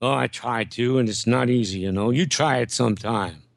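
A man doing an impression of a lazy, boozy male crooner-actor in a low, soft drawl. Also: normal speed, creaky, no echo, studio quality, close to an everyday voice.

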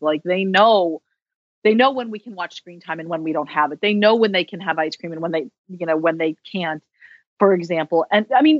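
A woman's voice: mid-range voice, dry recording, muffled recording. A woman who is a social worker, speaking as a podcast guest in a candid, chatty way with self-deprecating humor. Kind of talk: casual interview conversation.

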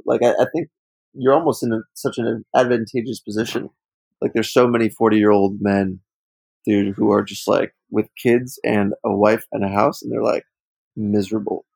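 Gravelly-voiced man in frank podcast talk. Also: medium pitch, a little mellow, no room sound, poor audio. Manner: reflective, frank, many "like" fillers. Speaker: podcast co-host. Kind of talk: casual podcast chat.

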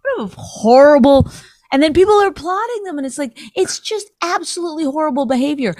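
A woman's voice: sits high, expressive, a little fast, darkish tone, no room sound. Profane ranting woman, dry room. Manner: profane, ranting, mocks celebrities in put-on voices. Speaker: podcast co-host. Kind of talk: casual chat.

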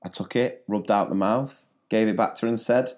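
Speaking at a moderate pace in a fairly low, slightly mellow voice, a teacher co-hosting a podcast shares classroom anecdotes. His casual storytelling is dry and jokey, and he laughs at his own jokes.

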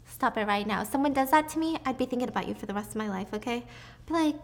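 A woman's voice: a little high, rapid-fire. Chatty woman recapping a drama. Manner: chatty, animated, jokey asides. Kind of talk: casual drama recap storytelling.

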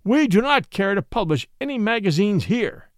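Here is a blustering judge who roars and snarls at the witness, played by a man reading the story. His scolding pitch leaps high and drops low. The sound is dry and close. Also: sing-song, moderate pace, no echo. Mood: bellowing. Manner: roaring, fierce and scolding. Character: blustering, bullying male small-town judge.

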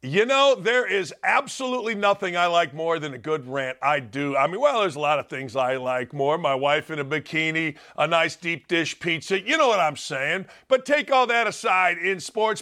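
A man's voice: fairly high pitch, lively intonation, moderate pace, few pauses, pushed and bright. A man hosting a sports talk show, joking and opinionated with conversational asides. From United States. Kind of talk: casual sports commentary.

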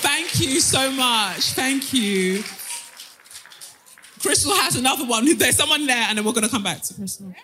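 A woman with a British accent hosting a live podcast show, shouting thanks and calling on audience members. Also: high voice, expressive, normal speed, background noise. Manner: warm, shouting thanks to the crowd. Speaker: podcast host. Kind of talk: live show crowd interaction. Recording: live venue with music.

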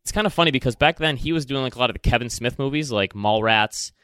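A man's voice: medium pitch, quick pace, pushed and bright, clear, resonant tone, dry recording, studio quality. A man with a Michigan accent co-hosting a podcast, giving his opinions in casual, chatty talk. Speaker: podcast co-host. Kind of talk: casual chat.

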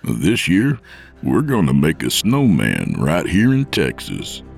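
A man voicing a gruff, menacing Santa Claus with a deep gravelly voice and a slow soothing drawl in a storybook reading. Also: huge pitch swings, soft background music, exaggerated voice. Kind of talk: audiobook narration.

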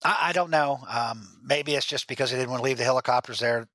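A man as the podcast guest, telling rambling stories with halting restarts. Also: mid-range voice, bright, forceful tone, no echo. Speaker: guest, former drug agent. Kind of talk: storytelling interview.

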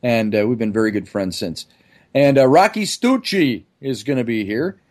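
A man talking as a podcast guest in an easygoing, promotional way. His voice sits at an ordinary middle pitch, and he rambles through lists of names and topics. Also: animated, normal speed, a little mellow. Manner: chatty promotional, piles up lists. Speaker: guest, event organizer. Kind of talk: casual podcast interview.

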